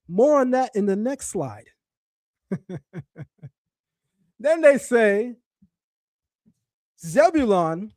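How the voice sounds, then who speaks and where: Man, high voice, animated and mocking, emphatic, dry close sound. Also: no room sound. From child of West Indian parents. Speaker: host. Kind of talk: lecture-style commentary to a live chat.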